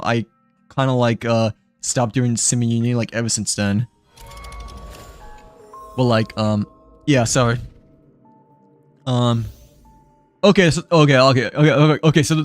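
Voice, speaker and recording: A man's voice: medium pitch, no room sound. A young man chatting casually while streaming a game, rambling with lots of filler words and trailing off. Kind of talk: casual live-stream chat.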